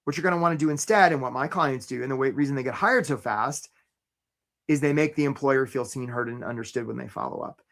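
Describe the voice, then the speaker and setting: A man hosting a live career webinar, chatty and energetic, tagging his points with "right?" and calling out attendees by name. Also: mid-range voice, quick pace. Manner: chatty, rhetorical "right?" tags, shout-outs to attendees.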